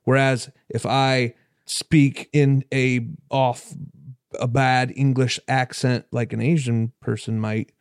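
A man's voice: mid-range voice, little pitch movement, slow, clear, resonant tone, no room sound, studio quality. A man co-hosting a podcast in casual chat, laid-back and hesitant, with lots of fillers. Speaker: podcast co-host.

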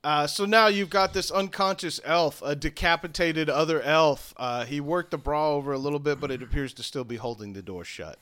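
A man's voice: fairly high pitch, moderate pace, hardly any pauses, a bit bright, clear, resonant tone. Casual male game master. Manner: casual, laughing, loose with profanity. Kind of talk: narrating a tabletop game.

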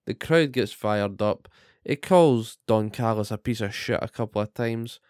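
A man's voice: fairly low pitch, a little slow, a little mellow, smooth, no echo, clean studio sound. A man co-hosting a casual wrestling recap podcast, swearing often and ranting animatedly. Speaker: podcast co-host.

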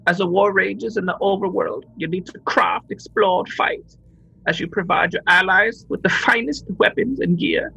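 A man voicing his male boss with a Guyanese accent, reading out game announcements in a high, sing-song impression. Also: lively intonation, normal speed, creaky, pushed and bright, husky, exaggerated voice. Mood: announcing. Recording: dull lo-fi recording.

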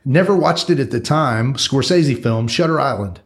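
A man's voice: mid-range voice, expressive, moderate pace, creaky. A man co-hosting a podcast in easy casual chat, laid-back with many fillers. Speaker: podcast co-host.

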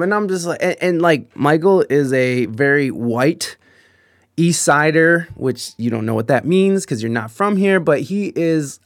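A man telling a rambling, profane anecdote in a casual, animated way, with frequent restarts. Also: fairly high pitch, measured pace, no echo, clean studio sound. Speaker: storyteller.

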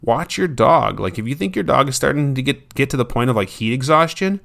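A man's voice: mid-range voice, animated, fairly quick, creaky, fairly bright tone. A man who trains dogs, giving casual advice in a chatty, self-deprecating way and sometimes acting out what his dog would say.

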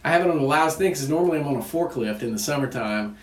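A man's voice: fairly high pitch, expressive, very fast, crowd noise. A man co-hosting a podcast in casual chat, laughing often and restarting his sentences. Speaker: podcast co-host. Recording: roomy room, mic at a distance.

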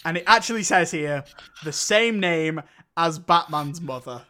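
A man's voice: fairly high pitch, expressive, measured pace, bright, forceful tone. A man co-hosting a casual film review podcast, rambling and often breaking into laughter. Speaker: podcast co-host.

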